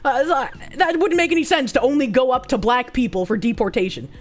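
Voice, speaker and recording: A woman's voice: high voice, fairly quick. A woman streamer reading news aloud and reacting to it in a blunt, profane, sarcastic way, thanking chat for subs between rants.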